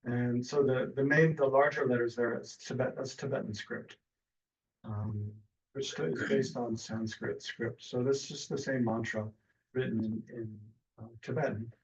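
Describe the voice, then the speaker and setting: A man teaching a meditation class in a relaxed, hesitant way with many fillers and restarts, speaking over a video call. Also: medium pitch, measured pace. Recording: distant, dull lo-fi mic.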